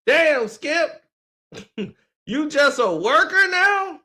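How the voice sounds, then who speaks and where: A man's voice: extremely high pitch, lively intonation, slow pace, sharp tone. A man streaming casual reaction commentary, mocking what he reads, swearing freely and laughing often.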